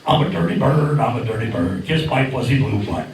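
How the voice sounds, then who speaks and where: A man's voice: medium pitch, animated, brisk, background noise, voice pushed down, close to an everyday voice. A man voicing a crude, randy male bird puppet in a ventriloquist act, bawdy and wisecracking. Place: bar stage. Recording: echoey bar, distant mic, crowd.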